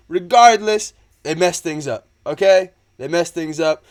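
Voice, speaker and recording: A young man giving casual, excitable commentary on a movie trailer, rambling and slangy. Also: high-pitched, unhurried. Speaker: movie trailer breakdown YouTuber.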